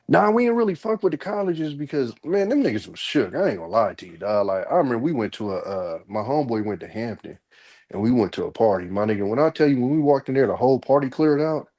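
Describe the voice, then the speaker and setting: Man, mid pitch, very expressive swings, casual profane talk. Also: fast talker. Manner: lively, profane, emphatic storytelling. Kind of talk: casual barbershop chat.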